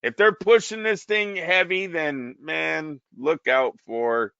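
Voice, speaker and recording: A man with a high, bright voice chats about boxing, cursing freely and throwing questions at his audience. The sound is dry and slightly dull, with no room echo. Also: slow pace, vocal fry, smooth. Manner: profane, animated, asks listeners questions. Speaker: boxing podcast host. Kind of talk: casual chat.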